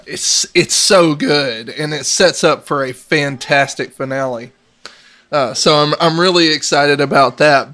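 A man's voice: medium pitch, fairly bright tone. A man chatting casually on a podcast, hesitant with many fillers but enthusiastic. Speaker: podcast co-host. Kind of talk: casual chat.

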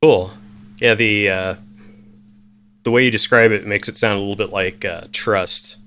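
A man with a low voice and a bright, forceful tone, hosting a relaxed chat. He keeps it easygoing and moves the talk from guest to guest. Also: a little slow, clean tone. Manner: easygoing, hands off turns. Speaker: podcast host. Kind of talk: casual chat.

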